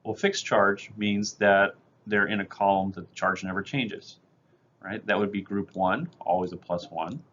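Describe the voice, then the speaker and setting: A man with a somewhat low voice explains chemistry in a recorded lecture, going step by step in a plain, methodical way. The audio is dull and lo-fi, with a faint hiss of noise underneath. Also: steady tone, a little slow, fairly bright tone. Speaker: chemistry teacher. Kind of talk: recorded lecture over slides.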